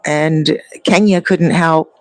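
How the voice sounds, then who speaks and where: A woman's voice: low-pitched, steady tone, slow, darkish tone, no room sound, low-quality recording. A woman talking casually to her viewers, rambling and long-winded as she tells stories. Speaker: vlogger. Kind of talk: casual chat.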